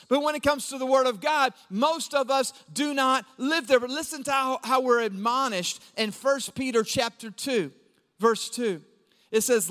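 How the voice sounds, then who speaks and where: Preacher guy, really high voice, shouts then goes low and jokey, big echoey church sound. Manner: animated preaching, swings from shouts to low asides; acts out quoted voices of the congregation. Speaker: pastor. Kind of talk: sermon.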